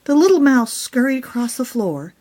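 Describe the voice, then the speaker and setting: A woman reading her own children's storybook aloud in a gentle, expressive storytelling voice. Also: high voice, moderate pace.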